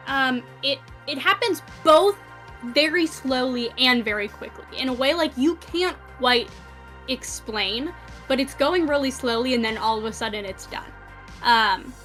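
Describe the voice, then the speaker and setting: Slow, bright-voiced woman game master. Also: fairly high pitch. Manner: unhurried, hesitant with fillers. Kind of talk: narrating a tabletop game.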